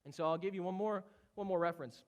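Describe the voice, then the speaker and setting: A man with a hoarse voice from a cold, giving a casual, conversational sermon as pastor. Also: high-pitched, quick pace. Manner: casual, conversational preaching with rising intensity. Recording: muffled, with loud guitar behind. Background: worship team playing guitar.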